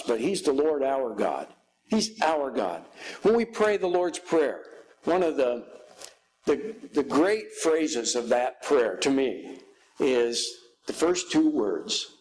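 A guest pastor, a man, preaching a sermon in a church, slow and halting with frequent fillers. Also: a little high, darkish tone, low-quality recording.

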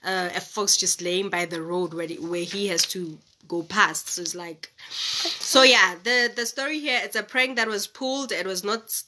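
A woman's voice: mid-range voice, unhurried, bright, forceful tone. A young woman reading a children's story aloud and chatting about it. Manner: chatty, explaining.

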